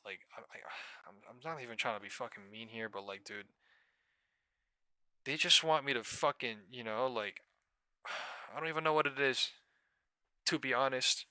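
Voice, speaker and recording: A young man hosting a live trading stream, ranting in a profane, exasperated way with sudden bursts of loudness. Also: medium pitch, moderate pace, long pauses, smooth, no echo. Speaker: stock trading livestream host.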